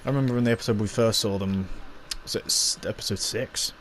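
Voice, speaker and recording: A man's voice: on the low side, fairly even intonation, fast, a bit bright, slight background noise. Rambling man recapping a show. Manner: rambling, full of fillers and acted-out quotes. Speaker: reviewer. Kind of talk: casual spoken review, recapping scenes.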